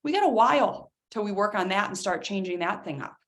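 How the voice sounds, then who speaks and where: A woman hosting a motivational talk on stress, lively and direct, talking straight to her listeners. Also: mid-range voice, fairly quick. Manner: animated, addresses listeners as guys. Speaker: workshop host.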